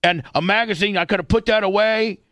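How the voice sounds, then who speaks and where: A man's voice: sits high, a little fast, a bit bright, no room sound, pitched above the performer's own voice. A man voicing an angry middle-aged father who profanely scolds his young son. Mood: angry scolding.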